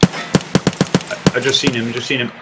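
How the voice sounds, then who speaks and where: A man's voice: medium pitch, little pitch movement, a little slow, very noisy. A man talking while gaming, sweary and jumpy. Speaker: gamer. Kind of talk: casual gaming chat.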